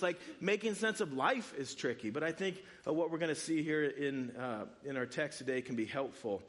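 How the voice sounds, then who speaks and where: A man giving a sermon, preaching in a conversational, animated way with asides to the congregation. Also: a little high, normal speed, few pauses. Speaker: pastor.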